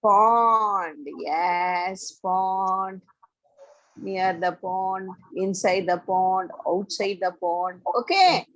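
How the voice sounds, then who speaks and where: A woman telling a children's story slowly, asking a young listener questions as she goes. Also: medium pitch, fairly bright tone, low-quality recording.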